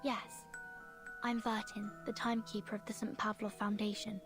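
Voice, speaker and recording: An actress voicing a composed young woman timekeeper who asks calm, direct questions. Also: mid-range voice, moderate pace, over music, close to an everyday voice.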